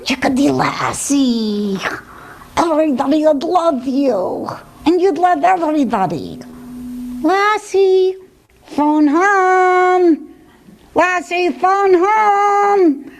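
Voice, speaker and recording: A cheeky, upbeat snail puppet, as a woman puts it on, bouncing along in a high, swooping sing-song voice. It teases and coaxes with unhurried, drawn-out phrasing, like a carefree puppet skit. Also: lively intonation, exaggerated voice. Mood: cheerful teasing.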